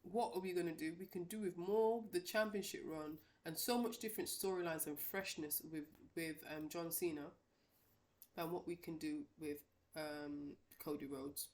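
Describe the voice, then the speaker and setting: A woman's voice: low-pitched, steady tone, moderate pace. Rambling opinionated woman vlogger. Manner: rambling and opinionated, many restarts and fillers. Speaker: wrestling commentary vlogger. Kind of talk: casual predictions monologue.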